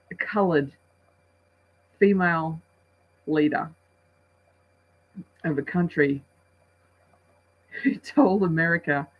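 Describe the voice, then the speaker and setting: Casual movie review, talks in circles, restarts a lot, kinda muffled lo-fi audio. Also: mid-range voice. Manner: rambling, chatty, with many restarts and acted-out asides.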